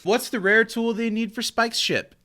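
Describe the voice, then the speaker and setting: A man's voice: very high voice, steady tone, moderate pace, sharp tone. A young man co-hosting a podcast, playful and self-deprecating in casual banter. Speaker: podcast co-host.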